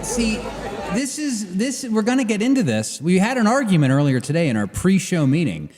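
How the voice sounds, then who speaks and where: A man's voice: sits high, big pitch swings, normal speed, in a large hall, a crowd in the background, background noise. A man co-hosting a political talk show, arguing emphatically and repeating his points. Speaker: podcast co-host. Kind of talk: casual political debate.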